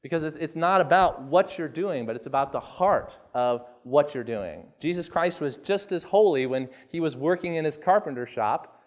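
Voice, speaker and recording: A man preaching a sermon as pastor, earnest and deliberate, stressing key words. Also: fairly high pitch, lively intonation, muffled recording. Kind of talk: sermon with scripture reading.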